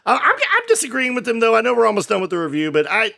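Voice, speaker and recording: Lively high-pitched gravelly man. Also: fast. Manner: animated storyteller who acts out quotes. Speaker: podcast co-host. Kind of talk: casual chat.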